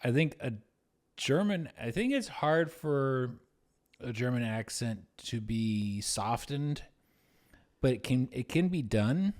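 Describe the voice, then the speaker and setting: A man's voice: medium pitch, expressive, takes it slowly, a little mellow. Give me a thoughtful, hesitant man co-hosting a laid-back podcast. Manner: hesitant, restarts often, thoughtful. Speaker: podcast co-host. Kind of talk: casual chat.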